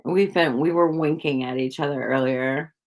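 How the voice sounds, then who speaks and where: A woman's voice: low-pitched, moderate pace. A woman chatting casually with viewers on a livestream, rambling with lots of fillers and little giggles. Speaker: psychic livestreamer.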